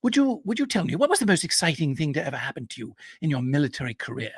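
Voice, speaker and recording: A man voicing an eager young English officer who gushes excitedly. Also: mid-range voice, slow, gravelly, slightly rough, no echo, clean studio sound, heavily acted. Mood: gushing. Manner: gushing, breathless.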